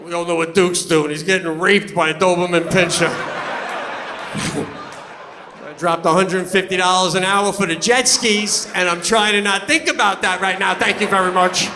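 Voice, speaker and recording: A man doing a stand-up comedy set on stage, animated and loud when he acts out quotes. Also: sits high, moderate pace, background noise. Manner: animated, swings into loud put-on voices for quotes. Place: on stage before a laughing audience.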